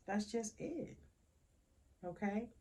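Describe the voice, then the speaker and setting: A woman's voice: medium pitch, slow pace, mellow. A young woman hosting a podcast in a frank, profane, laughing monologue. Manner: blunt, profane, laughing, emphatic repetitions. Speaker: podcast host.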